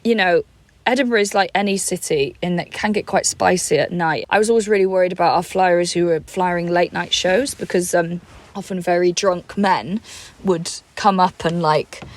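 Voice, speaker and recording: A woman's voice: on the low side, dry recording. A woman co-hosting a comedy podcast, telling stories in a chatty, loose way and swearing freely. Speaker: podcast co-host. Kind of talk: casual comedy podcast chat.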